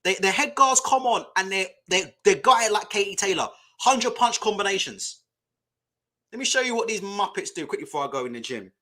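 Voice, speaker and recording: A young man riffs on a live boxing chat, blunt and foul-mouthed, breaking into laughter. His voice sits high and bright, and his pitch swings widely as he talks. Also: lively intonation, fairly quick. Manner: blunt, swearing, laughs a lot while ranting. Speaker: boxing channel host. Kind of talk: casual live-stream chat.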